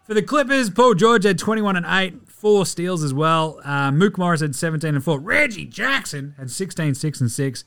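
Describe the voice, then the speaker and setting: A man with an Australian accent hosting a casual basketball recap podcast, sweary and excitable, mocking players in silly voices. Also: high-pitched, normal speed, few pauses. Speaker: podcast host.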